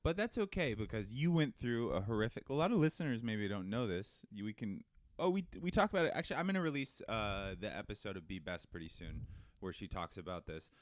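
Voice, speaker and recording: A man co-hosting a podcast, talking in a loose, rambling, self-deprecating way with plenty of fillers. His voice sits low and sounds smooth and resonant. The recording is dry and close. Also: expressive, fairly quick, few pauses, no echo. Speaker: podcast co-host. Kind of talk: casual podcast chat.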